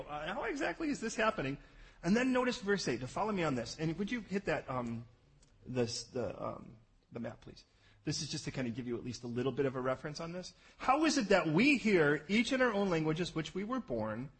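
A man preaching a sermon, animated and jokey, swinging from loud bursts to low asides. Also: slightly rough, low-quality recording. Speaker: pastor.

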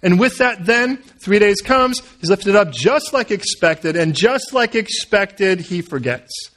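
A man preaching a sermon, telling a Bible story in an animated, humorous way. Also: high voice, measured pace. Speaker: pastor.

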